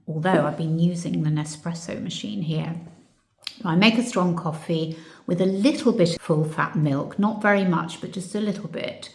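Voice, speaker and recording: A woman's voice: lowish voice, creaky. A woman vlogger answering viewer questions in a casual, reflective chat that turns emotional. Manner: warm, reflective, gets emotional. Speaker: channel host. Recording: echoey room.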